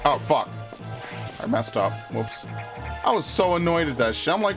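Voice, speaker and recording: A young man streams a game with game music behind him, his voice on the high side, creaky, and at a normal speed. He tells a rambling, swear-heavy story in casual let's-play style, getting more and more worked up into excitable rants.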